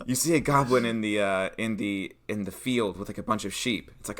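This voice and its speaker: A man with a bright, forceful voice pitched a little low, chatting casually as he plans a tabletop game. He talks in an animated way, acting out player reactions between fillers and restarts. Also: brisk. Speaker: podcast co-host designing a tabletop adventure. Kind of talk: casual brainstorming chat.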